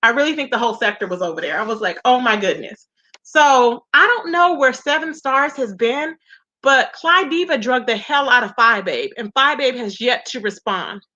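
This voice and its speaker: A woman's voice: on the high side, animated, moderate pace, sharp tone, muffled recording. A woman hosting a casual livestream about online drama. She chats freely and greets viewers by name. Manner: chatty, greets viewers by name, calls them "baby" and "y'all". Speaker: livestream commentary host. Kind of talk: casual livestream gossip commentary.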